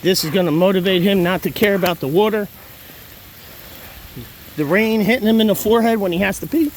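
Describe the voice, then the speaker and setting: A man working as a dog trainer, outdoors in the rain, calling excited commands and praise to his dog. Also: high-pitched, a little fast, slight background noise. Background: rain falling.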